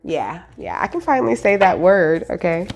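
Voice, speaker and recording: A woman's voice: lowish voice, normal speed, creaky, background noise. A woman giving a casual spiritual reading, giggling often, swearing casually and asking "okay?" after most points. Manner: giggly, animated, peppered with "okay?"; reads lyrics aloud and swears casually. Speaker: tarot reader.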